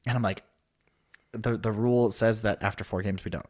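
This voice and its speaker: Lower-voiced man telling a lively story. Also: moderate pace. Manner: animated storyteller, quotes others in voices. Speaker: podcast co-host. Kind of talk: casual chat.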